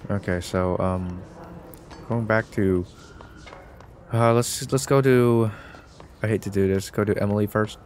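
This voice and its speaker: Excitable man commenting on his game. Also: on the low side, a little hiss or hum. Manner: excitable, jokey, talks to himself while playing. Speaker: gaming streamer. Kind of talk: casual let's-play commentary.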